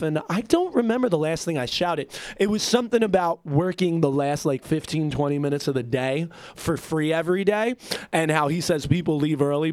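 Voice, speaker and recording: A man telling a casual story as a heated, profane rant, talking quickly and punchily. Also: a little high, no room sound.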